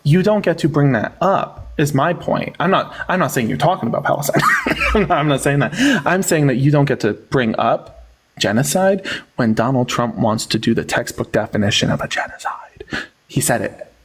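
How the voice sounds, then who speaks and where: A young man from rural Pennsylvania hosting a debate livestream, combative and quick, laughing often. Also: medium pitch, lively intonation, a little hiss or hum.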